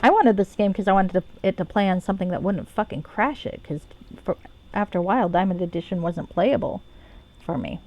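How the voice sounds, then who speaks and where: A woman's voice: mid-range voice, fairly quick, muffled recording. A woman streaming a game, chatting casually and rambling, swearing freely and joking about herself. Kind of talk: casual live-stream commentary.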